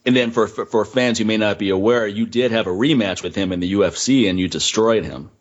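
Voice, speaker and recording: A man's voice: fairly low pitch, brisk. Laughing podcast host man, lo-fi. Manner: engaged, laughs along, recaps stories. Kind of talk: casual interview chat. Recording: dull lo-fi podcast audio.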